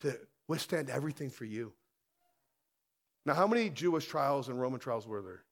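A male pastor preaching a sermon, emphatic, with rhetorical questions and loud stressed lines. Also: mid-range voice, animated, moderate pace.

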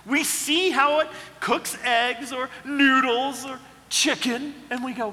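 A man preaching a sermon, dramatic, acting out quoted voices and swinging from loud to hushed. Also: very high voice, steady tone, takes it slowly, hardly any pauses, big-room sound. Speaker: pastor.

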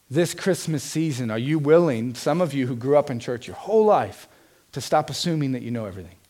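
A man's voice: a little high, darkish tone. A man preaching a sermon as pastor, earnest and emphatic, putting direct questions to his congregation.

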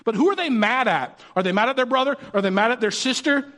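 A man, a pastor and parent, preaching a conversational sermon in a lively, joking way. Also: very high-pitched, fast talker. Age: adult parent.

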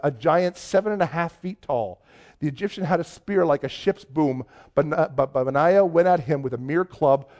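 A man preaching a sermon, telling a story with rising energy. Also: on the high side. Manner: storytelling, builds from quiet to animated. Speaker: pastor.

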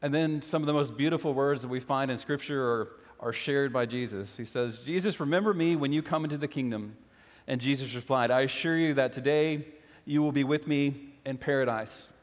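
Earnest male pastor in a reverberant hall. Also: medium pitch. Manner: earnest, questioning, repeats phrases for emphasis. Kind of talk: sermon.

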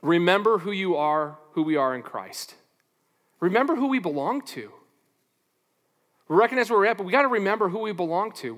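A man with a high voice delivers a lively sermon in a church hall. He asks his listeners rhetorical questions and acts out little back-and-forth exchanges. A long reverb trails after his words. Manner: animated preaching with rhetorical questions and acted dialogue. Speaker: pastor.

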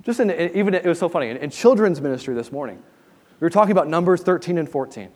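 An earnest male pastor preaching a sermon with a slightly high voice. He talks conversationally and often backs up to restart a phrase. His voice rings with the long reverb of a large church sanctuary. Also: expressive, quick pace, darkish tone. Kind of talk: expository sermon.

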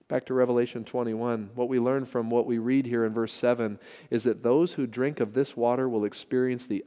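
A middle-aged male pastor preaches in an earnest, conversational way, slipping easily into personal stories. His voice is mellow and rounded. The sound carries the long reverb of a church sanctuary. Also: mid-range voice. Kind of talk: sermon.

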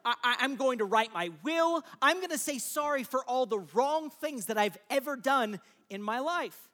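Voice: high voice, expressive, normal speed, fairly bright tone. A preacher voicing a terrified outcast nobleman. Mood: fearful. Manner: panicked, rambling inner thoughts.

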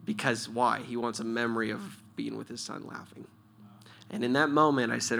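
Animated, bright-voiced male church leader. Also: mid-range voice, normal speed, vocal fry, slight background noise. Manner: animated, storytelling, laughs often. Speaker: church leader answering questions. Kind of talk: casual spoken teaching.

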